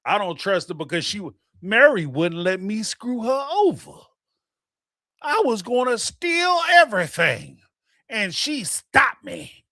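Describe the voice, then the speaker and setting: A man's voice: sits high, very animated, measured pace, vocal fry, sharp tone, no echo, studio quality, voice pushed up, heavily acted. A man impersonating a scheming woman from a reality show in a raised, mocking voice.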